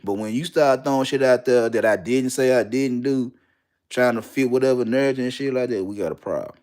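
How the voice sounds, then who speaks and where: A man's voice: mid-range voice, fairly quick, a little mellow. A young man, telling a candid personal story bluntly and with lots of profanity, repeating lines for emphasis.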